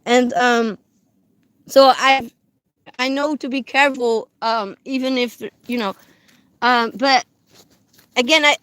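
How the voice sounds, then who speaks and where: Woman rambling on a phone livestream from her car, higher voice, dry close sound. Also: fairly even intonation, smooth, no room sound. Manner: rambling, halting, many fillers and restarts; talks to her dogs in a soft, cooing voice. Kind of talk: casual live-stream chat. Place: parked car on public land.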